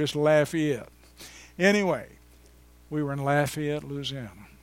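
A man, preaching a sermon in a church and telling personal stories in a folksy, chatty way, swinging from loud exclamations to quiet asides. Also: medium pitch. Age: 70s. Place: church before a congregation.

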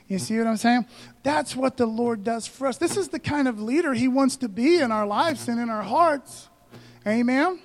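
A man's voice: very high-pitched, darkish tone. A man preaching a sermon as pastor, conversational and joking, calling out to the congregation.

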